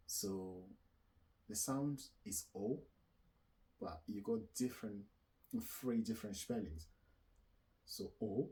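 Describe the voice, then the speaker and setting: A man hosting a casual spoken lesson on pronunciation, talking slowly and hesitantly and repeating sounds aloud. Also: lowish voice, darkish tone, low-quality recording. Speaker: language teacher.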